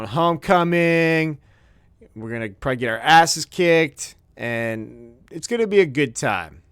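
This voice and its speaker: A man in his thirties rants on his podcast, swearing freely and rambling as he works himself up. His voice comes through smooth and resonant, close and dry, with no room sound. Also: mid-range voice, a bit bright, no room sound. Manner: profane, rambling, worked-up ranting. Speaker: podcast host. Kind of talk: comedic ranting monologue. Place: studio.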